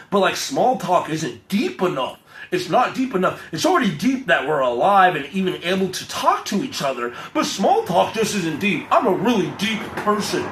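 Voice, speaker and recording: A man's voice: high voice, a little fast, a little hiss or hum. Hyped young man ranting in echoey room. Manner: profane, hyped, rambling, animated. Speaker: vlogger. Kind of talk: casual rant to camera. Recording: echoey room with faint ambience.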